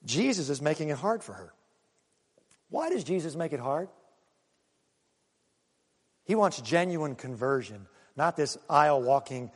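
A man preaching a sermon, animated and full of rhetorical questions and acted-out asides to the congregation. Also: a little high, measured pace, pauses often, slightly rough, in a large hall. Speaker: pastor.

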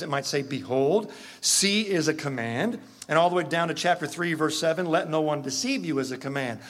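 A man preaching to his congregation in a high, lively voice. He drives his points home with emphatic repetition, surging up when he gets excited and dropping low for quiet asides. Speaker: pastor. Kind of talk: sermon.

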